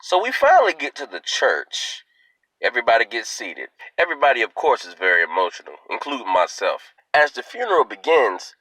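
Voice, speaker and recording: A man telling a comic story to his viewers in a playful, animated way. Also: medium pitch, brisk, no echo, poor audio. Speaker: video host.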